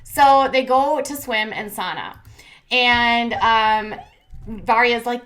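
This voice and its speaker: A woman's voice: on the high side, slow pace, a bit bright. A woman hosting a casual reality TV recap, chatty and opinionated, with lots of fillers and sarcastic asides. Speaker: commentary host.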